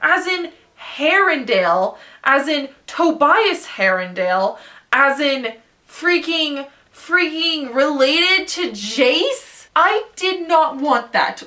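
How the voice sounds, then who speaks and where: Bright-voiced excitable young woman. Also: high voice. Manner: excitable, gushing and rambling. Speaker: book vlogger. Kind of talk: casual book review rant.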